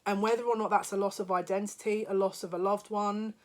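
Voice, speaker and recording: A woman delivers a spiritual psychic reading straight to her viewers. Her voice sits at a middle pitch, and she speaks emotionally, sounding close to tears at times. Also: flat delivery, brisk. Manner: emotional, laughing, tearful at moments. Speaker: psychic reader. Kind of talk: spiritual card reading to camera.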